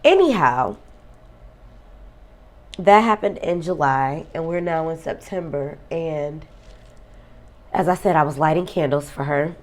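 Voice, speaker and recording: A woman's voice: low-pitched, expressive, measured pace, pauses often. A woman vlogger talking earnestly about a friend's death, emotional and close to tears. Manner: emotional, tearful; reflective, earnest. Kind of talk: personal vlog talk.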